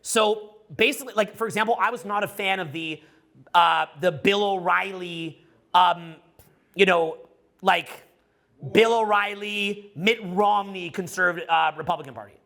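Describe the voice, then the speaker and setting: A middle-aged man giving a casual, profane, rambling talk to a live audience as a social skills coach, loud and excitable. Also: sits high, normal speed, gravelly.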